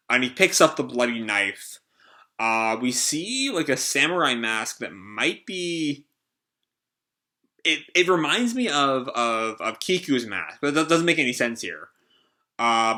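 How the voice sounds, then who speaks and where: A man's voice: mid-range voice, lively intonation, unhurried, sharp tone. A man hosting a casual live reaction, reading out a comic chapter and rambling with lots of fillers and restarts. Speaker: manga reaction host.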